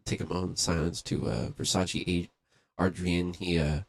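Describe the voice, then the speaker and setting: A man's voice: low voice, fairly even intonation, moderate pace, gravelly. A man hosting a live beatmaking stream, rambling in a loose, profane, laid-back way. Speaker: livestream beatmaker host. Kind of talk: casual livestream chat.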